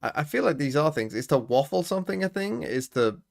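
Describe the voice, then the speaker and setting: His voice runs high with big pitch swings, a creaky edge, and a slightly fast pace. Live-streaming casually, the man tackles a word puzzle, muttering guesses under his breath and responding to chat.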